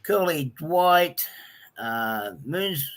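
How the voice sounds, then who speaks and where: Bright-voiced Aussie man hosting a livestream. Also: on the high side, animated, very slow. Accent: Australian. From Australia. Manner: chatty, greets viewers one by one, many ums. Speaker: livestream host. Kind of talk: casual livestream chat.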